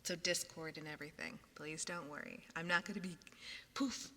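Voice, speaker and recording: Chatty woman streamer, low soft voice. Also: steady tone, fairly quick, long reverb tail. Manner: chatty, often dropping into a soft whisper. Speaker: ASMR streamer. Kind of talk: casual chat with viewers on stream. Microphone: binaural ASMR microphone.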